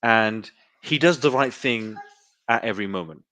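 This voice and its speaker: Low-voiced, hesitant man hosting an interview. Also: moderate pace, pushed and bright, no echo. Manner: thoughtful, hesitant, many fillers. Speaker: host. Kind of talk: conversational interview.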